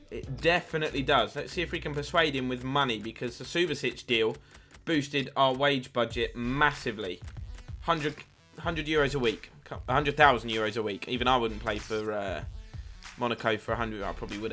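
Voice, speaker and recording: Male gamer, casual play-by-play, bright tone over soft background music. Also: mid-range voice. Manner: chatty play-by-play, lively at big chances. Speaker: gaming YouTuber. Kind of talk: video game commentary.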